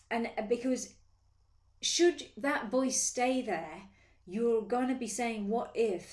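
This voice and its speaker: Woman coaching in an echoey office. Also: medium pitch. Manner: lively, acts out inner voices. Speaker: sales coach. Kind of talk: casual motivational talk to camera. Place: her office.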